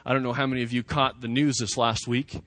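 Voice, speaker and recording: Man, pastor, conversational sermon, emphatic repeats, medium pitch, dry close sound. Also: level tone, quick pace, fairly bright tone, no room sound.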